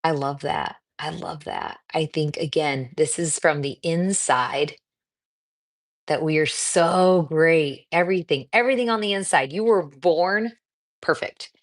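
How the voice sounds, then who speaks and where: Host: middle-aged woman from the US, low voice, casual and encouraging livestream chat, reads viewer comments. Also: measured pace. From United States. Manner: chatty, warm and encouraging, with frequent fillers. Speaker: cancer coach hosting a livestream.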